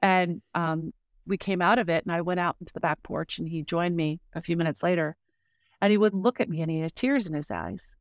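A woman's voice: fairly low pitch, brisk, dry recording, clean studio sound. A middle-aged woman speaking as a guest, telling a personal story in an earnest, heartfelt way with frequent fillers. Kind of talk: casual conversational testimony.

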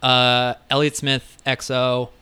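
Male co-host, bright and smooth tone, loose enthusiastic music chat. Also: mid-range voice, completely flat delivery, slow pace. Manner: enthusiastic, profane, storytelling. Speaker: podcast co-host. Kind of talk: casual chat about music records.

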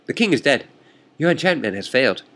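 A man's voice: medium pitch, big pitch swings, a little fast, a bit bright. A man voicing a smug male chess player who taunts his opponent in a theatrical, condescending manner.

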